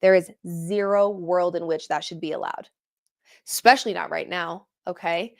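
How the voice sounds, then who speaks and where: A young adult woman hosting a post-game reaction show, talking to her viewers in an animated, exasperated way with sarcastic asides. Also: lowish voice, moderate pace, vocal fry. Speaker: sports show host.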